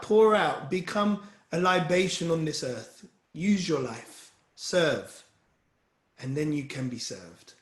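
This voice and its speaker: A man's voice: on the high side, roomy sound. A man leading a wellbeing session, giving a motivational talk in an earnest, encouraging way and speaking directly to his listeners.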